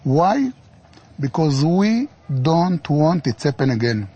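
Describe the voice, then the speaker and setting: A man speaking slow, halting, broken English as a lawyer in a played interview clip. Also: on the high side, very animated, mellow, breathy edge, highs cut off.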